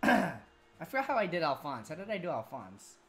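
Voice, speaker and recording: A woman's voice: sits low, big pitch swings, moderate pace, faint music behind. A woman casually commentating a game playthrough, rambling and swearing with many fillers. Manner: rambling, profane, full of fillers. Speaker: gaming streamer.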